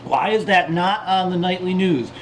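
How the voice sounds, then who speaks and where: Indignant male co-host with a high voice, faint hiss behind him. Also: moderate pace, low-quality recording. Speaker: podcast co-host. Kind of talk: casual political chat.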